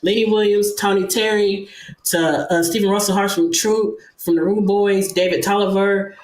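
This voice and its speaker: A male host chatting in an interview, animated and emphatic, laughing easily. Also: high voice, moderate pace. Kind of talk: casual interview chat. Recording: echoey room.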